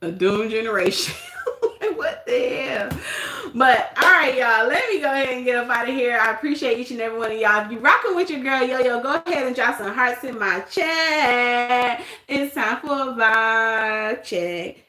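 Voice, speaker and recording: A woman hosting a casual livestream, telling stories with animated acted-out quotes; she coaches youth basketball. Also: on the high side, moderate pace, roomy sound, slight background noise. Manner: animated storytelling, acts out quotes. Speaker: livestream host.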